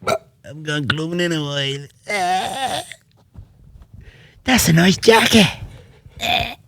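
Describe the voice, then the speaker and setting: A man doing a deliberately bad impression of a cocky, crude fighter-actor, with a high, drawn-out, mocking voice. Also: lively intonation, vocal fry, fairly bright tone, heavily acted.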